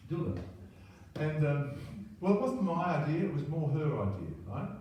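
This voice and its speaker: Mellow older Australian man in a roomy space. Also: fairly high pitch, very animated, moderate pace, a little hiss or hum. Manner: rambling, self-deprecating, keeps adding "right?". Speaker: storyteller. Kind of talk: personal anecdote monologue. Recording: very roomy, distant mic, faint ambience.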